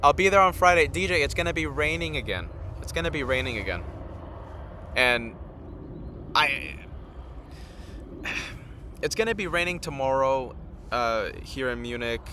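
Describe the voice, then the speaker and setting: A man's voice: medium pitch, expressive, a little slow, long pauses, bright, forceful tone, a little hiss or hum. A tired man hosting a live stream outdoors, rambling casually and chatting straight to his viewers. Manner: rambling, chats directly with viewers. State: tired from little sleep.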